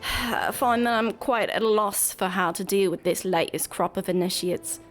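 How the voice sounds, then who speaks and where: A woman's voice: medium pitch, normal speed, soft background music, close to an everyday voice. A woman voicing a weary, stern female receptionist in a game, with a put-on accent and a solemn delivery.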